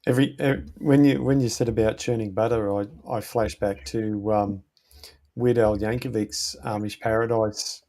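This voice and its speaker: Rambling man, low voice. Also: steady tone, normal speed, dark tone. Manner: rambling, with many fillers. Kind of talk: casual chat.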